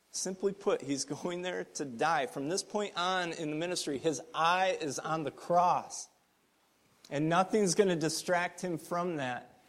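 Earnest preacher man, slightly high voice. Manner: earnest, builds to emphatic points then drops soft. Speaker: pastor. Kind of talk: sermon.

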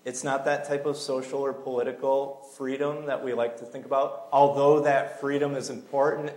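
A man's voice: medium pitch, a little mellow, echoey room, low-quality recording. A man preaching a sermon in a church sanctuary, earnest and conversational, with small fillers along the way.

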